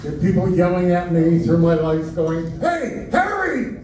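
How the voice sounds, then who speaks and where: A man's voice: on the high side, monotone, moderate pace, warm tone, a little hiss or hum. An older man doing a stand-up comedy set in a club, with wry, self-mocking punchlines. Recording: roomy club audio from far off. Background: laughing crowd.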